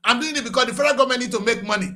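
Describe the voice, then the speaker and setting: A middle-aged man with a Nigerian accent giving passionate political commentary, repeating himself and rising to shouts. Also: very high-pitched, very fast. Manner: fiery, repetitive, rising to shouts. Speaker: current affairs show host.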